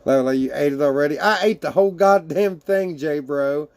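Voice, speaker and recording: A man's voice: fairly high pitch, normal speed, a little mellow. A man casually chatting with his livestream viewers and reading their messages aloud, laughing often and swearing freely.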